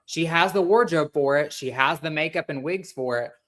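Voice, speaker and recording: A man's voice: a little high, moderate pace, fairly bright tone. A man co-hosting a casual recap podcast, emphatic and opinionated. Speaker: podcast co-host.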